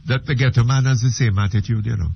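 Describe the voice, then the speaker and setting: An older man hosting a radio talk discussion, speaking slowly and emphatically with repeated words. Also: medium pitch, vocal fry, slight background noise. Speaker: radio talk show host. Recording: dull lo-fi radio archive.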